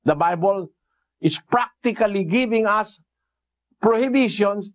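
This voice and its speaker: A man preaching a Bible exposition, speaking deliberately with fillers and rhetorical questions to the congregation. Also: high-pitched.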